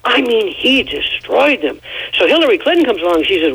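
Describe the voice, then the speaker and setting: A man on a radio talk show giving his opinions in an emphatic, rambling, animated way. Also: very high voice, a little fast, breathy edge, low-quality recording. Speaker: radio commentator.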